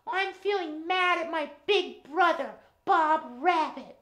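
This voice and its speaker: Little girl rabbit puppet voiced by a man, very high squeaky voice, earnest, chatty, slow storytelling. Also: sharp tone, full character voice. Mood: annoyed. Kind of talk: children's puppet show. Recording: roomy room echo.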